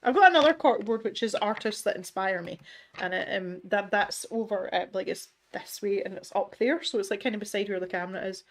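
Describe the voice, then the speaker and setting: Speaking a little fast in a mid-range voice, a middle-aged Scottish woman chats casually on her art livestream from her home studio. She reads viewer comments, jokes at her own expense, laughs often and keeps restarting what she's saying.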